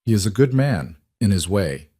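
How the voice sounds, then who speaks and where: A man's voice: lowish voice, big pitch swings, normal speed, mellow, husky, dry recording, clean studio sound. A man voicing a stoic older male driver with a heavy Russian accent, speaking tersely and formally in an audiobook-style story. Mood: grave.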